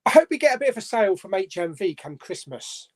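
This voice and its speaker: A man's voice: high voice, sing-song, fast talker. A man hosting a casual live-stream chat, rambling along with lots of fillers and restarts. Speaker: host.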